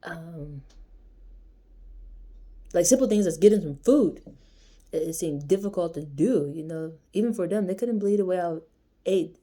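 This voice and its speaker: Telling a personal story vlog-style, a young woman rambles conversationally and keeps tossing in "yo" and other slang. Her mellow voice sits on the low side and is animated, at normal speed with long pauses.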